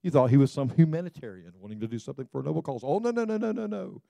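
A male pastor preaching a sermon in a conversational way, full of "you know" asides and quick laughs. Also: on the high side, very animated, gravelly, dark tone, dry recording.

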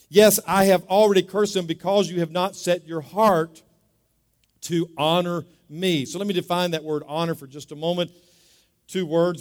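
A man preaching a sermon as pastor, talking in a conversational way, repeating words and asking the congregation to say them back. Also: sits high. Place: church sanctuary. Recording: long reverb of a large hall.

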